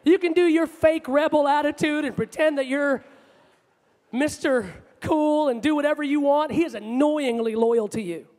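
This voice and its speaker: A man preaching a sermon with passion, moving between loud outbursts and hushed asides, in a large church hall. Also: very high-pitched, moderate pace. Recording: long hall reverb.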